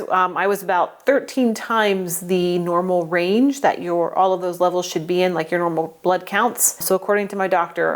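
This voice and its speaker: A woman in her forties talking earnestly in a personal vlog, halting and restarting often, emotional and close to tears at times. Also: fairly low pitch. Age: 40s. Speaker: vlogger sharing a health update. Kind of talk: personal vlog talk to camera.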